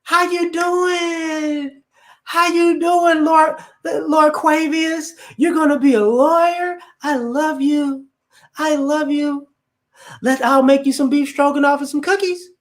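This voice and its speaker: A man voicing a flirtatious woman who swoons over a suitor, in a high, drawn-out, syrupy voice. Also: fairly even intonation. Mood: gushing.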